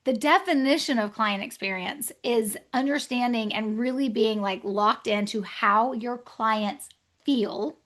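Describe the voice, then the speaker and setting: A woman's voice: fairly high pitch, a little slow. A woman author being interviewed on a podcast, talking energetically and acting out conversations with clients. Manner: energetic, acts out client dialogues. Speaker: guest author.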